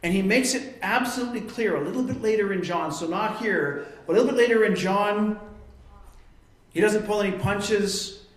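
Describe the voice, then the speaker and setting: Earnest high-voiced man preaching. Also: normal speed, roomy sound. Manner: earnest, emphatic explaining. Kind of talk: expository Bible teaching.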